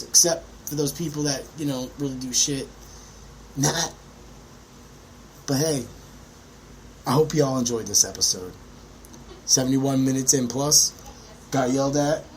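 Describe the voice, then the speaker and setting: A man hosting his own podcast, ranting in a brash, profane monologue with sudden high yelps. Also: slight background noise, low-quality recording. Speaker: podcast host.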